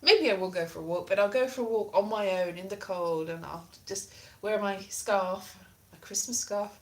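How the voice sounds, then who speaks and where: A woman chatting live with her viewers in a casual, playful way. She is theatrical and self-mocking, with a middling pitch. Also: moderate pace, fairly bright tone. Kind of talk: casual live-stream chat.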